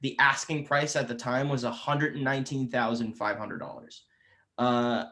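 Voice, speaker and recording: A man's voice: medium pitch, fairly even intonation, sharp tone. A man in his twenties, a guest musician chatting eagerly and at length, often restarting his sentences. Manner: eager, talkative, many quick restarts. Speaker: guest musician and guitar teacher. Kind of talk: casual podcast chat.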